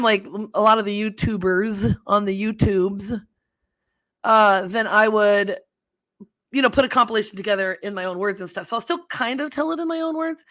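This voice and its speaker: A woman's voice: medium pitch, a bit bright, no room sound. A middle-aged woman hosting a casual livestream, chatty and rambling, laughing often as she fumbles with her settings. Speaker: livestream host.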